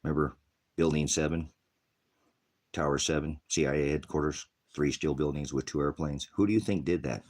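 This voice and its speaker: A man's voice: very deep voice, fairly even intonation, normal speed, a little mellow. A retired male pastor preaching in a rambling, combative rant that jumps from topic to topic. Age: older.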